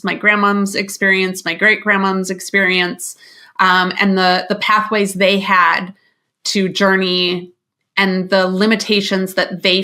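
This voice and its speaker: A woman's voice: mid-range voice, bright, forceful tone. A woman business coach speaking as a podcast guest, candid and a little rambling, with an occasional swear. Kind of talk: casual interview talk.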